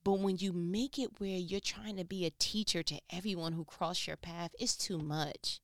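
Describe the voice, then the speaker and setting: A woman giving a casual motivational talk into her phone, telling stories animatedly and swinging from loud to hushed. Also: on the low side, fairly even intonation, moderate pace, dry recording, clean studio sound. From New York.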